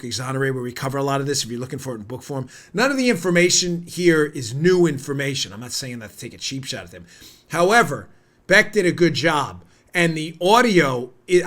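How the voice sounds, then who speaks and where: A podcast host speaks straight to his listeners with heated, sarcastic political commentary. His voice is a little high and fairly bright in tone.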